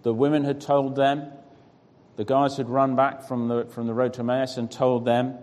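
A man at a middle pitch leads the reading and questioning. His voice carries a long reverb, as if heard across a church hall. He pauses for answers and encourages the people in front of him. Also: flat delivery, darkish tone. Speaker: preacher. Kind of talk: scripture reading and interactive teaching.

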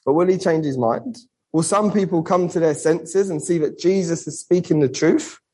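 A man preaching a sermon and reading a Bible passage, earnest, with rhetorical questions and slowing down for emphasis. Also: on the high side, darkish tone, poor audio.

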